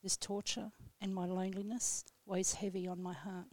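A woman guest on a radio show reading her own poem aloud in a slow, solemn, measured way. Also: mid-range voice, little pitch movement, a little mellow, no room sound. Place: radio studio.

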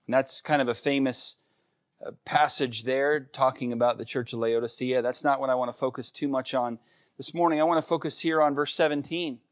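A man's voice: mid-range voice, fairly even intonation, brisk. A middle-aged man preaching a sermon, earnest and emphatic, repeating key points. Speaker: pastor.

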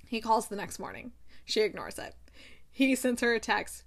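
A woman vlogging about a book she loves, retelling the story with excitement and reading passages aloud. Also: a little high, moderate pace. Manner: gushing, retells scenes with excitement.

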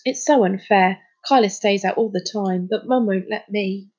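A woman's voice: medium pitch, normal speed, a little mellow, dull audio, natural voice. A woman reading a storybook, voicing a sulky young boy complaining unhappily. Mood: unhappy. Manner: whiny, unhappy.

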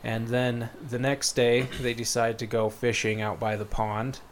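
A man with a mid-range voice retells a book's plot in a casual, rambling chat, unhurried and flat in delivery. He's laid-back, leaning on lots of fillers and quoted lines, with slight background noise behind him.

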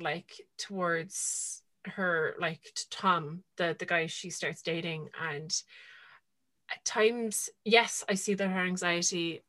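A woman's voice: on the low side, fairly bright tone. A woman co-hosting a podcast, rambling casually about a book and peppering her talk with "like". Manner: rambling, full of "like" and retold dialogue. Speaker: podcast co-host.

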